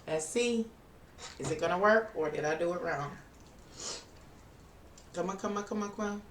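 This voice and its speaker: A mid-range, fairly bright voice at a moderate pace comes from a live streamer and tarot reader chatting casually with viewers. The speaker thinks aloud while working at an indoor computer. There's a little hiss or hum, a roomy distant-mic sound, and faint music.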